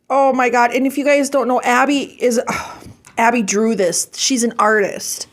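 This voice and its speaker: Lady vlogger opening mail, kinda high voice, talks slow and gushy. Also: fairly even intonation. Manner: gushing, sentimental, warm thanks. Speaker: vlog host. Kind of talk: casual chat, opening fan mail.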